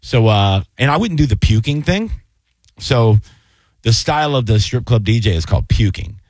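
A man in his thirties co-hosts a radio talk show, telling stories and dropping into mock DJ and news anchor voices. His pitch swings widely and stays lively. The studio sound is dry and close. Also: moderate pace, no echo. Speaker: radio co-host. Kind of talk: casual chat.

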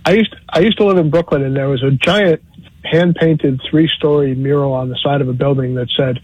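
A man's voice: medium pitch, fairly even intonation, brisk, slightly rough, no room sound. A man calling in to a radio show, friendly and telling an anecdote. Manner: friendly storyteller. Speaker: radio caller. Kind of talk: phone-in chat. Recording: dull, lo-fi call-in audio.

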